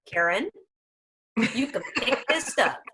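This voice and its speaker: A woman voicing a stubborn, picky pet dog that refuses new food, in a low, grumbling, sassy tone. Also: sing-song, slow, sharp tone, exaggerated voice.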